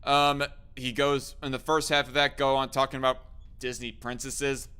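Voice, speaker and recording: A man's voice: mid-range voice, level tone, moderate pace, bright, forceful tone, smooth. A man hosting a casual live stream, often laughing as he reads chat comments aloud. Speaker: streamer host.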